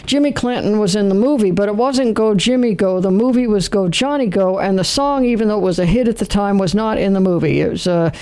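A man's voice: sits high, fairly quick, few pauses, a little mellow, smooth. An older man hosting a radio show, rambling in casual talk with many fillers and self-corrections.

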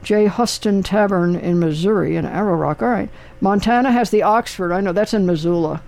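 A man's voice: high voice, fairly quick, creaky, a little mellow. An older man hosting a casual talk show, rambling and chatty with lots of fillers. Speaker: radio host. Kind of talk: casual chat.

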